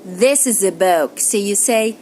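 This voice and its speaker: A woman teaching English pronunciation, repeating example words slowly and carefully. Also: medium pitch, expressive, a little mellow, a little hiss or hum, poor audio. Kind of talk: pronunciation lesson.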